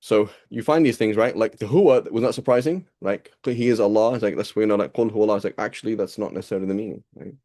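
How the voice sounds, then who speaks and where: Fast-talking, chatty male teacher, dark voice. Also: on the low side. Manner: chatty, rambling, asks students rhetorical questions. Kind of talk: casual classroom reading and explanation.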